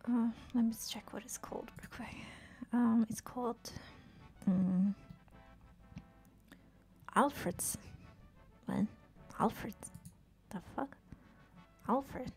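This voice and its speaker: A woman's voice: on the high side, slow, long pauses, soft background music. A woman chatting casually while streaming a game, swearing freely, talking to game characters and often dropping to a whisper. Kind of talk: casual live-stream chat while gaming.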